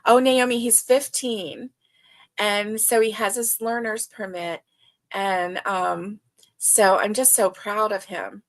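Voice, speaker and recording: Slow and steady in tone, this older woman's mid-range voice carries a casual livestream where she reads viewer comments aloud. She's warm and chatty, sprinkling in lots of fillers.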